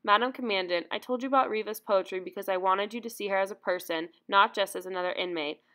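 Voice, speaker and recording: A woman voicing a gentle, brave young female doctor who speaks softly and calmly. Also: medium pitch, fast talker, lightly acted. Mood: calm, earnest. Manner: soft, calm, pleading.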